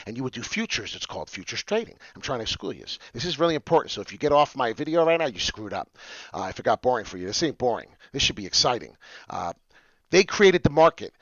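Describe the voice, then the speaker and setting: Loud, rambling male crypto streamer. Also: mid-range voice, fast, no room sound, highs cut off. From New York. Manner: loud, animated, rambling, swings from muttering to shouting. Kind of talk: casual livestream chat.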